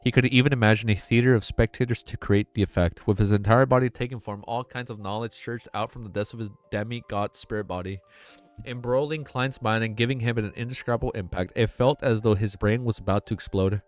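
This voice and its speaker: Emotional streamer stumbling through a read-aloud. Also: male voice, fairly low pitch, fairly even intonation, a little fast, no echo, soft background music. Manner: emotional, stumbling over words, laughing at own misreads; casual, slangy, says man and dude a lot. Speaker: streamer reading a novel aloud.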